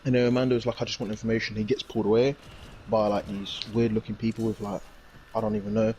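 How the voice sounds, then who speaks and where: A man's voice: lowish voice, level tone, fast, warm tone, slight background noise. A young man, casually recapping a TV episode in a rambling, slangy way. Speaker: reviewer. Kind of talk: casual chat.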